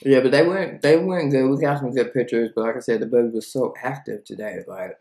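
A woman's voice: extremely low pitch, fast, mellow. Chatty woman tasting food in an echoey room. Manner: chatty, rambling, thinks aloud between bites. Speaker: food reviewer. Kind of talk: casual food tasting vlog.

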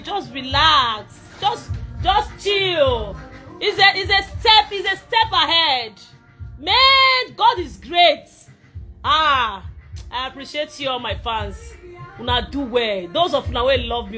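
A young Nigerian woman chatting excitedly to fans on a live video, slipping between English and Pidgin and bursting into shouts and laughter. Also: high voice. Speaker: social media personality.

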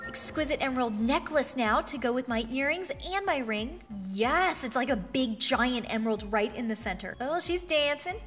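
A woman giving excited gameplay commentary as a YouTuber, bubbly and gushing, with frequent gasps of delight. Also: high-pitched, moderate pace, few pauses, music in the background. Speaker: YouTuber showing items in an online game.

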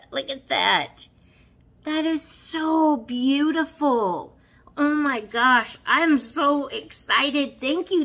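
A woman's voice: high-pitched, creaky, fairly bright tone. A woman vlogger chatting casually while unboxing, gushing and exclaiming over everything. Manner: gushing, effusive, exclaims often.

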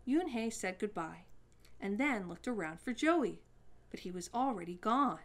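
A woman reading a children's story aloud as storyteller, with an expressive delivery. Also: medium pitch, measured pace.

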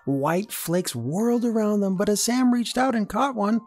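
A woman reading a children's picture book aloud, lively and animated, putting on high voices for the characters. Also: moderate pace, dry recording, soft background music.

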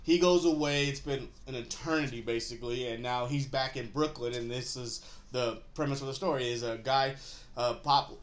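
A man's voice: mid-range voice, steady tone, moderate pace. A man hosting a casual TV episode recap, laid-back and rambling, chuckling often as he talks. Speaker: show host.

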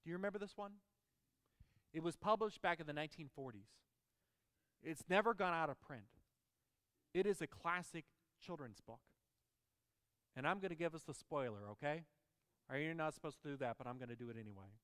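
A man's voice: fairly high pitch, brisk, long pauses, fairly bright tone, clean tone, in a large hall. A man preaching a sermon as pastor, emphatic and putting questions to the congregation.

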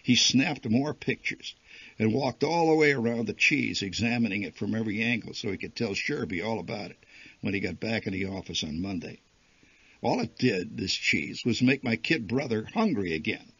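A man reading a humorous short story aloud in a wry, lively storytelling manner. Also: on the low side, normal speed, breathy edge. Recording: dull lo-fi archival recording.

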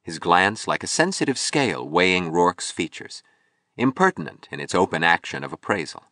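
A man narrating a novel in a measured, even reading. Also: low voice, dry recording, studio quality. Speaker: audiobook narrator. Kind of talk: scripted narration.

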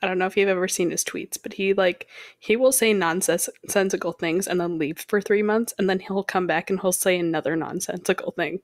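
A woman's voice: fairly low pitch, steady tone, a little fast, hardly any pauses, no room sound. A young woman co-hosting a podcast, chatting casually in a rambling, jokey way. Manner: rambling, jokey, self-interrupting. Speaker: podcast co-host. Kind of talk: casual chat.

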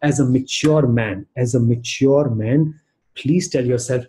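A man giving a lively motivational training talk over a video call, telling stories and calling on participants by name. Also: mid-range voice, measured pace, reverberant. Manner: animated storytelling, addresses participants by name. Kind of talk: virtual training session talk.

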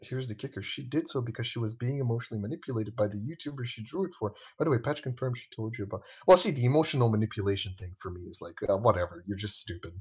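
A man's voice: medium pitch, animated, rapid-fire, hardly any pauses, darkish tone, slightly rough, poor audio. A man hosting a voice call, talking bluntly and swearing, checking facts with the others as he goes. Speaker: channel host leading a voice call. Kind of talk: casual heated call chat. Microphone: voice chat call.

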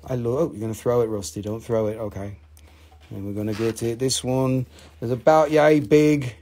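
A man hosting a live mineral sale, who gushes over each specimen in excitable, profane talk. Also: medium pitch, moderate pace. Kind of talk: live-stream sales talk.

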